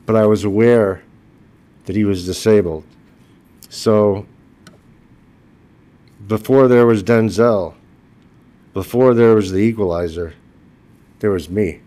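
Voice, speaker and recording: A man's voice: on the low side, slow pace, pauses often, mellow. A man in his sixties giving a eulogy for his wife, telling humorous personal stories and laughing at his own jokes. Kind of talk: funeral eulogy told as personal anecdotes.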